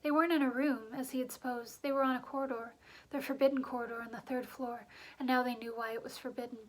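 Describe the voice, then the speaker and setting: A woman narrating a children's fantasy novel aloud in a brisk, lively storytelling manner. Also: high-pitched, low-quality recording. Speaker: reader. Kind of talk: audiobook narration.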